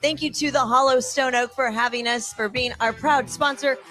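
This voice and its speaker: A woman's voice: high voice, fairly even intonation, moderate pace, a bit bright, faint music behind. A woman hosting a live talk show from a bar, running through names and thanks in an upbeat way. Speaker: show host.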